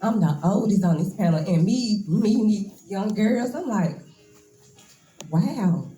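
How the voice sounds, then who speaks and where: A woman's voice: medium pitch, animated, slow, warm tone, reverberant, faint music behind, poor audio. A woman in her twenties gives a nervous, emotional, casual speech as a braider at a hair shop event. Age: 20s.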